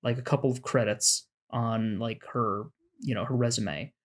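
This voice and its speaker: A man's voice: medium pitch, fairly even intonation, normal speed. A man co-hosting a podcast in casual chat, talking in an earnest, enthusiastic, rambling way. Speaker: podcast co-host.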